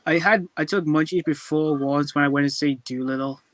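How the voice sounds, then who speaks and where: Man, hesitant, lots of ums, slightly high voice, dry sound. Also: fairly quick, dry recording. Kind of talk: casual movie chat.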